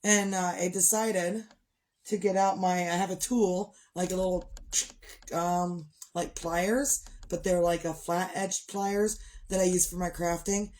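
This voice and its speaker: Tired middle-aged woman, low-pitched, rambling livestream chat with sighs. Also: steady tone, measured pace, a little mellow. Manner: rambling, chatty, yawning and sighing. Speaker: livestream host. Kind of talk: casual chat.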